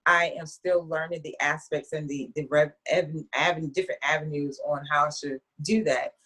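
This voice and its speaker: A woman author in an interview, telling her story in a chatty, lively way with frequent restarts. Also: deep voice, normal speed.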